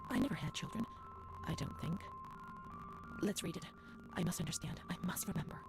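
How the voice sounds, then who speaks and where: A woman voicing a haunted game narrator who reads old asylum records in a hushed voice that often drops to a whisper. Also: lowish voice, fairly quick, over music, lightly acted. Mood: hushed uneasy. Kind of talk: scripted narration. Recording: game audio with noisy ambience.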